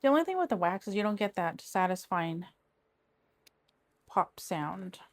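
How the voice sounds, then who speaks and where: A woman's voice: mid-range voice, sing-song, measured pace. A middle-aged woman, chatting casually and rambling as she works on a craft project. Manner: rambling, chatty, trails off and restarts. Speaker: crafting vlogger. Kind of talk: casual chat while diamond painting.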